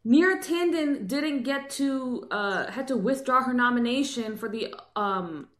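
A woman co-hosting a podcast in casual political chat, animated and emphatic, with exasperated asides. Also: sits high, measured pace. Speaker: podcast co-host. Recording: roomy echo.

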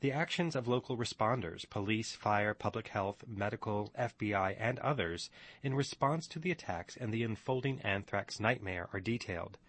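A man's voice: fairly low pitch, moderate pace, fairly bright tone. A male radio host introducing a guest and reading from her website in an earnest, formal way.

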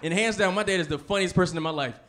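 High-voiced young man doing stand-up. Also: very fast. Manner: animated storytelling, laughs between lines. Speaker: stand-up comedian. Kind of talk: stand-up comedy set.

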